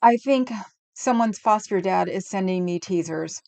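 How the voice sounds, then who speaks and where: She's a middle-aged woman from California hosting a livestream at home on a desk microphone, chatting with live chat in a rambling way and laughing a lot. Her medium-pitched voice has vocal fry and a darkish tone, she speaks a little slowly, and the recording is dry.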